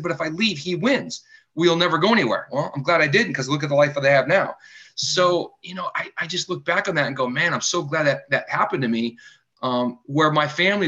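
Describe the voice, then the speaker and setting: A man talking as a podcast guest, telling a personal story and acting out the dialogue. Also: a little high. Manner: animated, acts out quoted dialogue. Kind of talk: storytelling in conversation. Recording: dull lo-fi sound.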